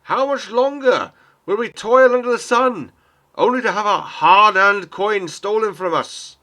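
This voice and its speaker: A man voicing a male agitator on a crate who shouts to a crowd with frustration and conviction. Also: high voice, unhurried, pitched above the performer's own voice. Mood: fiery, shouting. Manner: shouting, impassioned, insistent. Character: angry male rabble-rouser shouting from a crate.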